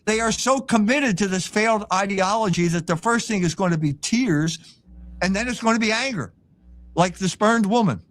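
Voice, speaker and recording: A man's voice: high-pitched, moderate pace, a bit bright. An older man, a guest author on a live stream interview, lecturing in an opinionated, emphatic way. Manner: opinionated, emphatic lecturing with mocking quoted voices.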